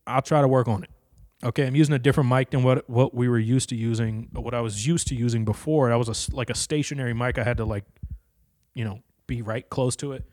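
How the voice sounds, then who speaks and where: A young man talks alone on his podcast, swearing constantly and wandering from one thought to the next. His blunt delivery comes through a stand-up comedy mic in a dry, dead-sounding room. His pitch sits at an ordinary middle height. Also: fast talker, dry recording. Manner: profane, rambling, blunt. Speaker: podcast host. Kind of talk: casual solo podcast monologue. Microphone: handheld stand-up comedy mic on a stand.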